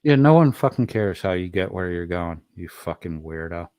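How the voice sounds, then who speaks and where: A man's voice: low-pitched, lively intonation, normal speed, a little mellow, slight background noise. A man streaming profane, mocking commentary, swearing constantly and throwing insults at someone in a clip.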